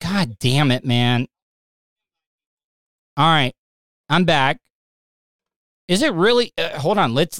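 A man's voice: a little high, animated, slow pace, long pauses, a bit bright, dry recording. A man hosting his own live stream, talking casually and rambling, with stammering restarts and flashes of agitation. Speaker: live stream podcast host. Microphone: streaming setup mic.

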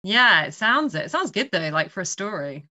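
A woman's voice: mid-range voice, sing-song, normal speed, bright, forceful tone. A British woman guesting on a podcast, chatty and hesitant, laughing often. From Britain. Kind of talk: casual interview chat.

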